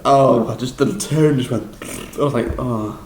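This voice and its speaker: A young man with a Liverpool accent, recapping a drama school audition in a rambling, excitable, self-deprecating way with lots of restarts. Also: mid-range voice, moderate pace, reverberant, slight background noise, low-quality recording. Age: young adult. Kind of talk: casual vlog recap.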